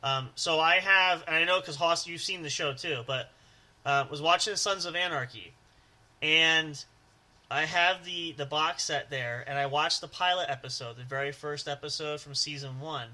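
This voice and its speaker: A man's voice: on the high side, normal speed, bright, forceful tone. A man co-hosting a casual podcast chat who laughs often and breaks into stammering movie impressions. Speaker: podcast co-host.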